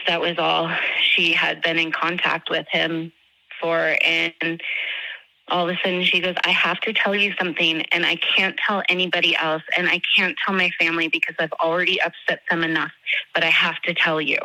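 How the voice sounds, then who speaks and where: An earnest woman recounts, in an emotional and halting way, a conversation with a friend, with plenty of fillers and restarts. Her voice is very bright and clear, and it sits close and dry on the mic with no room sound. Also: lowish voice, level tone, dry recording, rough recording. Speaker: friend of the victim.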